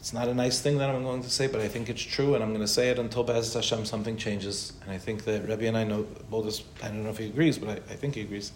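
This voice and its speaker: Rabbi in a roomy, echoey hall. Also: male voice, on the low side, level tone, fast, few pauses. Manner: conversational, with Hebrew and Yiddish terms. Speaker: rabbi answering questions. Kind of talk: informal Torah class. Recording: roomy echo with faint noise.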